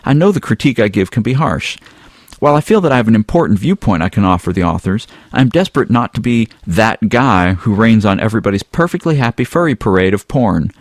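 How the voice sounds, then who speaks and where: A man hosting a casual podcast, reading a listener's email aloud in a relaxed, rambling way. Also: lowish voice, fast talker, dry recording, clean studio sound. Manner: relaxed, rambling, with some filler words. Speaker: podcast host.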